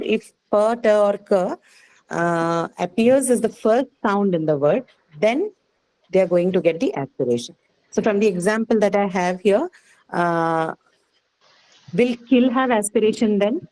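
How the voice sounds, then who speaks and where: A woman with an Indian English accent teaches a phonetics class. She explains rules step by step, pauses to quiz her students, and keeps checking in with "right?" and "okay.". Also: medium pitch, animated, darkish tone, low-quality recording. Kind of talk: classroom lecture.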